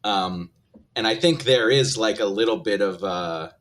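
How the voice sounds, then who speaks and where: Podcast guest: lower-pitched man, thoughtful, hedging delivery. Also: unhurried, fairly bright tone. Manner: hedging, thoughtful, many fillers. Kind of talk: casual film discussion.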